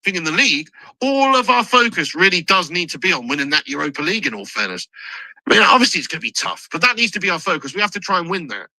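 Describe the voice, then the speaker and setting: A man giving excitable, sweary live commentary on a football match as a channel host, shouting at chances and goals. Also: sits high, fast talker, no room sound, low-quality recording.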